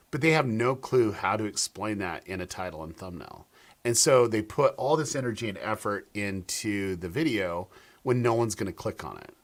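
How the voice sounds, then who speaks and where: A man, a YouTube strategist, talking as a guest on a live stream over a video call, telling stories with lots of fillers and restarts. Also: on the low side. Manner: animated storyteller, many fillers and restarts.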